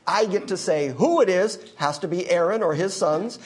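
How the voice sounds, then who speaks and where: A male pastor preaching a sermon, emphatic, moving between quiet asides and loud declarations. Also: high voice, normal speed.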